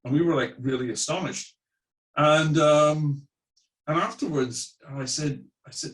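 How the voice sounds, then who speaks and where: A middle-aged man born in Ireland, with a mid-Atlantic accent carrying Irish traces, tells chatty anecdotes as a musician guest in a casual interview. His voice is fairly high and unhurried, recorded from a distance in low quality.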